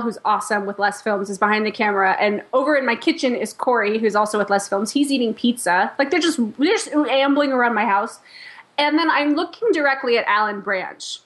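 A woman talks through a story in a loose, chatty way. She peppers her lines with "like" and breaks into laughs. Her voice sits a little high. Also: fairly bright tone. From Chicago. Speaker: podcast guest, company founder. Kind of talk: casual chat.

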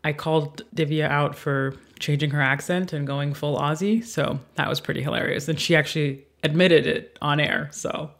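Low-voiced bubbly woman podcaster. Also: steady tone, normal speed, few pauses. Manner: bubbly, laughs often. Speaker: podcast panelist. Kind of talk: casual podcast recap.

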